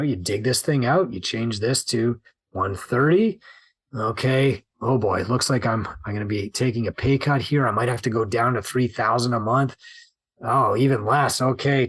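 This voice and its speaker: A gym business coach hosts a solo business podcast, speaking animatedly and acting out anxious inner monologues. His voice is mid-range and slightly bright with a breathy edge.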